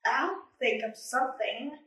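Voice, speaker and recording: A woman's voice: a little high, a little slow, a bit bright, far from the mic. A woman voicing a cheerful, friendly young male panda in a storybook reading, talking in an eager, upbeat way. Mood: kind. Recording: echoey room, away from mic.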